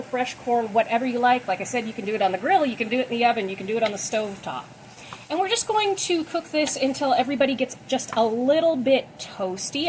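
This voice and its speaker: A woman's voice: fairly high pitch, slight background noise, rough recording. A woman giving a casual, chatty cooking demonstration in her home kitchen, talking while she works. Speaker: cooking vlogger.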